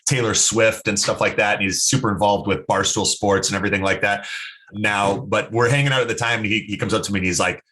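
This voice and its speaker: A man, a podcast guest talking health, telling stories in an animated, casual way with lots of fillers. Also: fairly low pitch, quick pace. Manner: animated storyteller, many "like" fillers. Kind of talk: casual interview talk.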